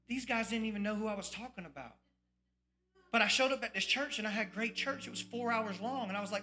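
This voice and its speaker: A man preaching his own testimony as a sermon, swinging between loud bursts and hushed, low confessions as he tells his story. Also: fast, soft background music. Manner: storytelling with acted-out quoted voices.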